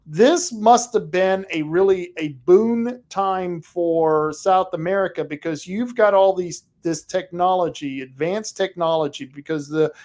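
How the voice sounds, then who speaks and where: Male podcast host, high voice, attentive and conversational, asks meandering questions. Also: darkish tone. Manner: attentive, reactive, with long thoughtful questions. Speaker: interview host. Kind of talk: casual interview chat.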